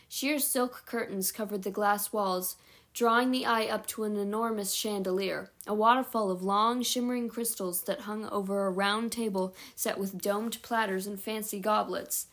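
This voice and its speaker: At home, a woman with a mid-range, slightly bright voice reads a novel aloud as an audiobook reader, making small slips and correcting herself along the way.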